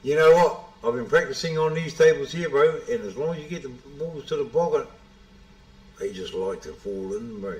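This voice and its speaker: A man's voice: medium pitch, moderate pace. A man giving casual live pool commentary, bantering and calling people bro. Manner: relaxed banter, calls everyone bro. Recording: echoey room.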